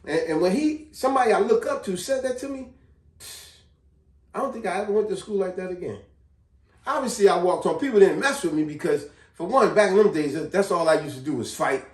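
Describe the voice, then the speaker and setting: A man vlogging, telling a personal story in a casual, slangy, animated way. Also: high voice, fairly quick. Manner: animated, slangy, repeats himself. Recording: echoey room, distant mic.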